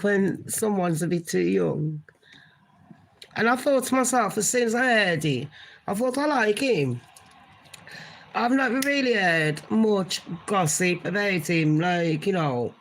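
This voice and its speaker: On a casual gossip live stream, a woman with a lowish voice chats with viewers, calling them "honey pot" and swearing now and then. The recording quality is low.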